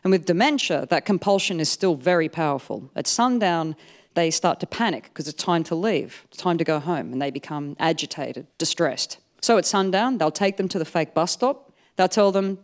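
Animated woman storyteller. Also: fairly low pitch, normal speed. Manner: animated, wry, comic timing. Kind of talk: live storytelling performance.

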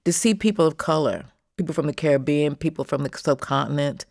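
Older woman guest, Southern-accented, low warm voice, a bit of fry. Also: fast, dry recording, clean studio sound. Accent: American Southern. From Chicago, United States. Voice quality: warm, smooth, prized voice. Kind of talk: interview, casual chat.

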